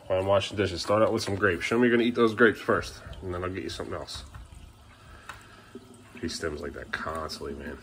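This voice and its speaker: Sleepy, playful dad with a lively voice. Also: male voice, on the low side, fairly quick, slight background noise. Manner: playful, teasing, coaxing his kids. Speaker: father and vlogger. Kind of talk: casual family vlog. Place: home kitchen, then outdoors by the street.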